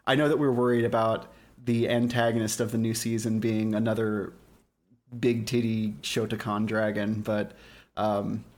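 A man's voice: fairly low pitch, moderate pace. Man retelling anime scenes animatedly. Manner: animated retelling of scenes, putting on character voices. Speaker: podcast co-host. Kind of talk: casual chat.

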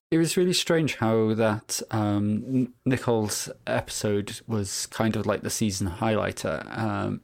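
A man's voice: lowish voice, gravelly, a little mellow. A man co-hosting a podcast, chatting casually and musing aloud with frequent hesitant restarts. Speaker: podcast co-host. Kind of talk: casual review chat.

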